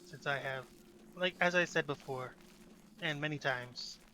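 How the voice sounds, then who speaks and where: A man's voice: on the high side, measured pace, pushed and bright, slight background noise. Goofy, chatty young gamer man. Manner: goofy, chatty, talks to the game characters. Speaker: let's play gamer. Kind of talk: casual gameplay commentary.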